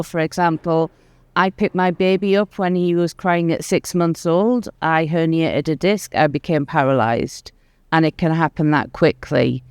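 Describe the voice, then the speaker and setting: Smooth, earnest male panelist. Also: fairly high pitch, dry recording. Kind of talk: panel talk. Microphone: handheld microphone.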